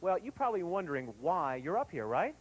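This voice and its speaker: A man's voice: on the high side, very animated, brisk, low-quality recording. A man hosting a kids' TV game show in a studio with a live audience, bantering playfully.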